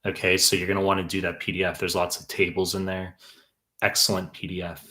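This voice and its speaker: A man's voice: sits low, monotone, a little fast, sharp tone. Blunt, profane young man tutoring. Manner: blunt, profane, rambling teacher. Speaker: exam tutor. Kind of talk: live stream Q&A, reading chat questions.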